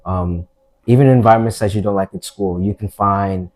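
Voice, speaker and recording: A man's voice: fairly low pitch, moderate pace, a little mellow, poor audio. A young man co-hosting a casual podcast chat, laid-back, with frequent affirming murmurs.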